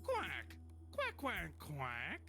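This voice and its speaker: A man voicing a mischievous duck man in a tub who answers only in quacks that leap up and down in pitch. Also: extremely slow, soft background music, exaggerated voice. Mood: quacking. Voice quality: quacks only, lively squeaky pitch leaps.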